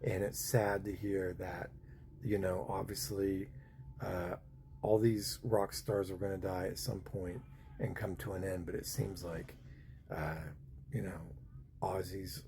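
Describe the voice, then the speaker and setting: A man's voice: low-pitched, little pitch movement, unhurried, a little mellow, slight background noise. A man in his fifties telling a personal story in a casual, rambling way, full of fillers and restarts. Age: 50s. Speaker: vlogger.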